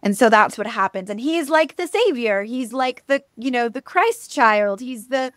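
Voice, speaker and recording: A woman co-hosting a podcast, casually retelling a myth in a chatty, animated way, with frequent ums and likes. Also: fairly high pitch, normal speed, no echo, studio quality. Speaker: podcast co-host. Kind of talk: casual storytelling chat.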